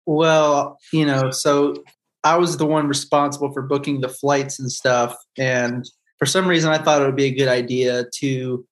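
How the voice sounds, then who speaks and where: Guy on a sports podcast, mid pitch, easygoing, starting a story. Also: level tone, normal speed. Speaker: podcast co-host. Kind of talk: casual chat.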